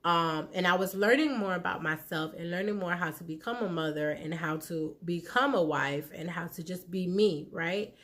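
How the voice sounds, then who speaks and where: A thirtysomething woman vlogger gives relationship advice, speaking candidly to her viewers about her marriage in a frank, conversational way and acting out the lines people said. Her voice is fairly low and fairly bright, at normal speed with few pauses.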